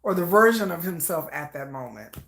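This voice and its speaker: A woman giving casual live reaction commentary, chatty, trailing off into soft murmurs and then jumping into excited bursts. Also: fairly low pitch, fairly quick, vocal fry.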